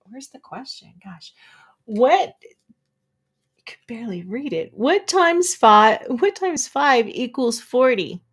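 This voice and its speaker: Slow-talking giggly woman streamer. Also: a little high, very animated, fairly bright tone, husky. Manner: giggly, chatty, reads questions aloud to chat. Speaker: live stream host. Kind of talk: casual live trivia quiz with viewers.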